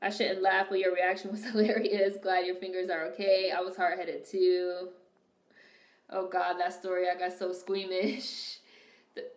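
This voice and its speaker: Young woman streaming, animated and sweary, mid pitch, kinda echoey room. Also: normal speed. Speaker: streamer reacting to a movie and reading chat. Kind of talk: casual chat with viewers.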